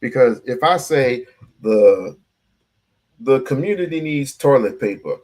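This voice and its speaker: A man's voice: mid-range voice, animated, measured pace, darkish tone. A man hosting a casual reaction show, blunt, profane and sarcastic. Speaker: show host.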